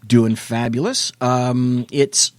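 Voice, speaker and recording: A man's voice: medium pitch, steady tone, slow pace. A man hosting a late-night call-in talk show, joking and bantering with salty asides.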